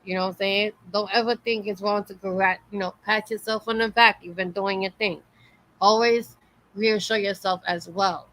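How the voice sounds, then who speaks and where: A woman's voice: mid-range voice, steady tone, moderate pace, fairly bright tone. A woman hosting a casual interview, upbeat and encouraging, with plenty of slang. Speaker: interview host. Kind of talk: casual chat.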